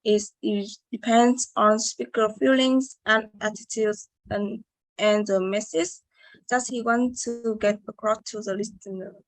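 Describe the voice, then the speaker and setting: A woman's voice: fairly high pitch, fairly even intonation, measured pace, no echo, poor audio. A young woman giving a class presentation, reading carefully with hesitations and restarts. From Vietnam. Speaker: student presenter. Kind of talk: class presentation on word stress.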